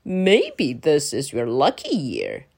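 A woman doing a slow, gentle friendly dinosaur. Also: low-pitched, wildly swooping pitch, vocal fry, pitched below the performer's own voice, full character voice. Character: friendly gentle male dinosaur, big and helpful. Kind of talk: storybook read-aloud.

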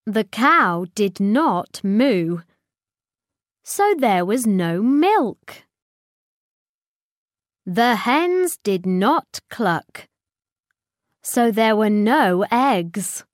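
A woman with a British accent narrating a children's storybook in a clear, expressive read-aloud manner. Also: mid-range voice, very slow, long pauses, no echo, clean studio sound.

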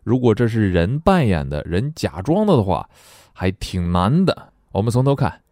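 A man teaching a bilingual reading lesson, playful and lively, with sudden high exclamations. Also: moderate pace, no room sound, clean studio sound. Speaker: English teacher.

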